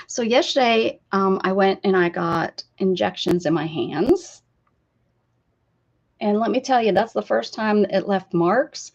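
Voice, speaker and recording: A woman with an American accent chatting casually on an art live stream, rambling, laughing and answering viewer comments. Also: medium pitch. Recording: slightly dull lo-fi stream audio.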